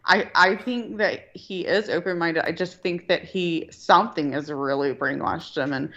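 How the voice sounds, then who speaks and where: A woman's voice: on the low side, moderate pace, fairly bright tone. A woman telling a rambling, profane story in casual chat. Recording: dull lo-fi line.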